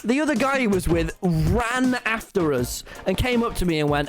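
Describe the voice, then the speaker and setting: A man's voice: sits high, moderate pace, hardly any pauses, soft background music. Young man, streamer storytime, swearing, laughing, swooping intonation. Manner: animated, profane, laughing storyteller. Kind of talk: casual storytime on a live stream.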